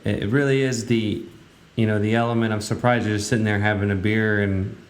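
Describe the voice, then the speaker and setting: A man's voice: on the low side, steady tone, fairly quick. A man hosting a radio talk show, giving casual, rambling commentary in a blunt way with many fillers. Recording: roomy, echoey room.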